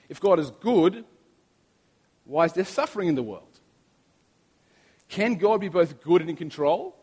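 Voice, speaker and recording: A man's voice: fairly high pitch, expressive, unhurried, long pauses, darkish tone, husky. A man in his thirties, a pastor, preaching a sermon in a chatty, storytelling way with frequent restarts. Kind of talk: sermon with prayer. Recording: long reverb of a large hall.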